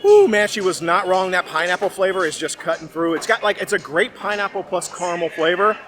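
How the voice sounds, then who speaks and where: A man's voice: high-pitched, expressive, brisk, fairly bright tone. A middle-aged man vlogging at a theme park, talking casually and enthusiastically as he reviews food and chats. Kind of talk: casual vlog commentary.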